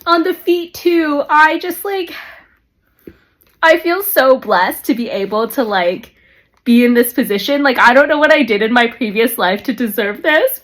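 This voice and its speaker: A young woman in her twenties talking casually in a handbag unboxing vlog, gushing and excitable, full of "like" and "um", teary with excitement at times. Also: fairly high pitch, a little slow. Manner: gushing and excitable, lots of fillers like "like" and "um". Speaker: luxury handbag vlogger.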